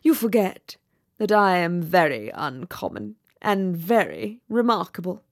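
A woman's voice: lowish voice, sing-song, measured pace. A woman reading a storybook aloud, voicing a conceited, pompous male firework rocket in a haughty, dramatic manner. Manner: haughty, self-important, dramatic.

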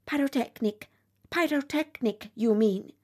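A woman reading a storybook aloud, putting on a high, excitable voice for a touchy little firework. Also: moderate pace, close to an everyday voice. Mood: indignant.

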